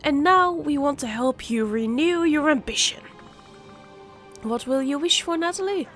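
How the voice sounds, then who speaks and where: A woman's voice: high-pitched, lively intonation, unhurried, a bit bright, faint music behind, voice pushed up. A woman voicing an eager, bubbly tiny magical wish creature from a video game, with squealy exclamations. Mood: gushing.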